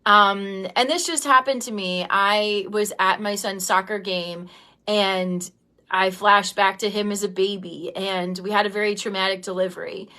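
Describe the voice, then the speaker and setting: Pushed and bright yet steady, her mid-range voice moves at an unhurried pace. She's a livestream host and business coach in her thirties, casual and emotional, greeting viewers by name while tearful. Her heartfelt, rambling talk is heavy with "um" and "like" fillers.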